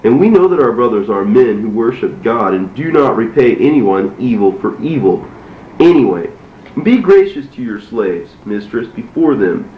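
A man's voice: medium pitch, very animated, moderate pace, close to an everyday voice. A man voicing a band of frightened brothers who plead for mercy, reading a storybook in a fearful, begging way. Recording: roomy, dull, faintly noisy.

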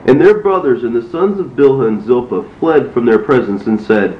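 Male reader, measured storybook narration, echoey room, dull faintly noisy recording. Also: medium pitch, lively intonation, recorded from a distance.

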